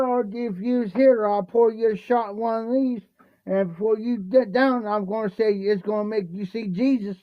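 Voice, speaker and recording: A man's voice: high voice, fairly even intonation, moderate pace, no room sound, dull audio. A man from Ohio livestreaming from home, telling a rambling, repetitive folksy story and mixing drinks. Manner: rambling, repetitive, folksy, keeps saying "no joke". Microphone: phone livestream.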